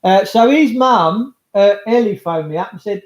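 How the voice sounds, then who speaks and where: High-voiced rambling Englishman, roomy sound. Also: expressive, normal speed. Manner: rambling, chatty, talks straight to viewers. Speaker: livestream host. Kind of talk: casual livestream monologue. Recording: roomy, slightly dull sound.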